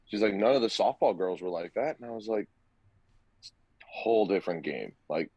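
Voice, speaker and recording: A young man who once played college hockey chats casually on a podcast, animatedly acting out the people and quotes in his stories. His voice is fairly low and husky, a little fast, and the lo-fi sound has no echo.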